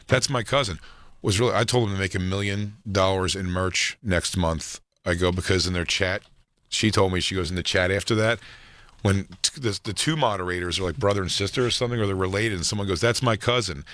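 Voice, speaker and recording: A man's voice: low-pitched, a little fast, no echo. A male comedian hosting a radio show, telling a story with a lot of energy and acting out the voices of the people in it. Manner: animated storyteller who acts out quoted voices. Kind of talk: casual radio show chat.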